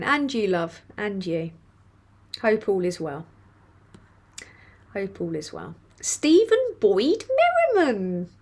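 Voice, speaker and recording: A woman hosting a casual live stream, reading chat comments aloud with swearing and laughter. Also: mid-range voice. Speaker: livestream host reading chat.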